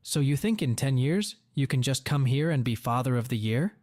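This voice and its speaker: A man's voice: medium pitch, animated, normal speed, a little mellow, dry recording, close to an everyday voice. A man voicing a bitter middle-aged woman who is cold and defensive, asking curt, cutting questions in a dry, close read. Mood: cold, sharp.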